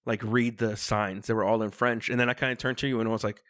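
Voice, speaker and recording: A man hosting a podcast, casually retelling a classic film in a rambling, animated way. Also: lowish voice, fast, no room sound, studio quality. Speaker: podcast host. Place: room in Los Angeles.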